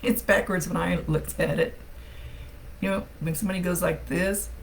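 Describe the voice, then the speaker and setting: A woman's voice: fairly low pitch, steady tone, normal speed, gravelly, a little hiss or hum, rough recording. A woman working as a psychic medium, giving a casual live-streamed reading. She talks bluntly, thinks aloud and swears freely.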